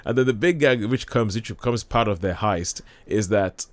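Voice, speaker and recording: Chatty man, low voice, dry. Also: normal speed, no echo. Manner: chatty, laughs often. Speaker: radio show host. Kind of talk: casual film chat.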